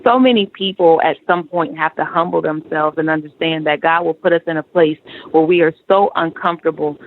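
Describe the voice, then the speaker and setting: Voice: mid-range voice, a little hiss or hum. Radio talk host, mid-range voice, encouraging and reflective like a minister, phone-line sound. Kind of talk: radio talk show interview.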